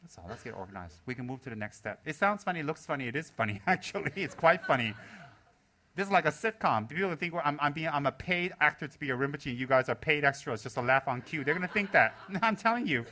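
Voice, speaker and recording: A high, bright male voice gives a humorous dharma talk to students. He speaks with an animated swing and often breaks into mimicry and laughter. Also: fast talker. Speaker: Buddhist lama teaching students.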